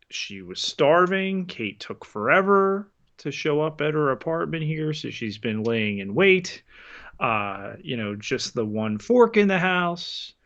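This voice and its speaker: A man with a mid-range voice who talks slowly and carefully, recapping a show on a podcast. His audio sounds dull and lo-fi, as if recorded on a lesser mic. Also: mid-range voice, a bit bright. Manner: measured, recapping scenes. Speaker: podcast co-host. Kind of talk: casual chat.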